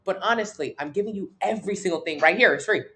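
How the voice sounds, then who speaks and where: A woman from Miami, Florida hosts a casual livestream from her couch, speaking fast in a sharp, medium-pitched voice. She answers viewer comments bluntly and with profanity.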